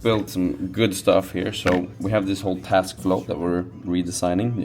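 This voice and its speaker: A man's voice: sits low, level tone, normal speed, darkish tone, soft background music. A man in his twenties vlogging casually, rambling with fillers and restarts. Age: 20s. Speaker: entrepreneur vlogger. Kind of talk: casual vlog narration.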